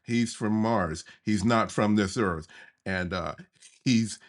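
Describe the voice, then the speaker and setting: A man from the USA, hosting a podcast, telling a childhood memory in an animated way and chuckling as he goes. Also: on the low side, slow. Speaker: podcast host. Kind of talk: memoir storytelling podcast.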